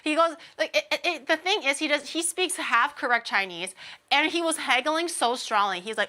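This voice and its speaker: A woman VTuber streamer chatting casually on stream, telling animated stories, laughing often and mimicking people. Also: high-pitched, moderate pace.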